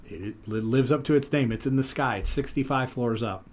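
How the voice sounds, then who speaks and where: Podcast host, male, animated storyteller, casual banter. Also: medium pitch, a little fast. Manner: animated storyteller, lively retellings. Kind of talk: casual chat.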